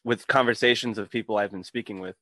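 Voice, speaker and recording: A man in his thirties hosts a casual podcast and tells stories in a low, easygoing voice. He swears freely and slips into quick impressions of the people he quotes. The sound is close and dry, with no room around it. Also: steady tone, fairly bright tone, no echo. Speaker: podcast host. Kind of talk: casual podcast chat, storytelling.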